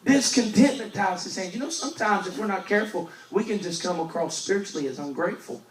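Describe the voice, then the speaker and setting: Emphatic evangelist in a roomy church. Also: male voice, high-pitched, fast. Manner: emphatic, swings from loud to hushed. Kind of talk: storytelling sermon. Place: church sanctuary. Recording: roomy church recording from a distance.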